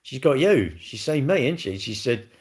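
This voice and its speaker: A man's voice: mid-range voice, sing-song, moderate pace. A middle-aged man hosting a casual livestream, cheekily bantering and reading viewer comments aloud before answering them. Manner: cheeky, blunt and jokey. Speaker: livestream host.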